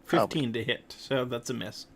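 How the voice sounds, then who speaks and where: A man runs a tabletop game, reading out attacks and rolls in a plain, matter-of-fact way. His voice sits at a mid pitch. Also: normal speed, creaky. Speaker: game master.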